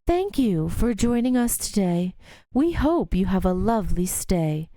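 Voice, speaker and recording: A woman's voice: mid-range voice, big pitch swings, mellow, no echo. A woman reading a silky, polite intercom announcer. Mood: courteous. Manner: courteous, measured, formal. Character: smooth polite announcement voice over speakers.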